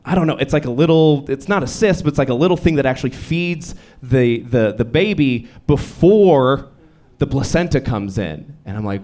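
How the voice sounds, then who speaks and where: Deadpan young man doing stand-up. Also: mid-range voice, normal speed. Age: young adult. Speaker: stand-up comedian. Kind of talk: stand-up set. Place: comedy club stage.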